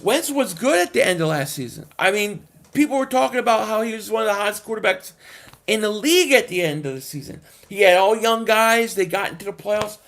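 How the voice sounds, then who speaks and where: A man hosting a casual live stream, answering chat comments in an animated, emphatic way with frequent restarts. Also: high voice.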